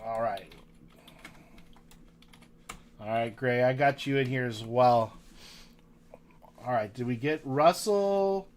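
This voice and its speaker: A man's voice: mid-range voice, a little slow, slight background noise. A man hosting a casual card-break livestream, chatting with viewers and reading their names aloud.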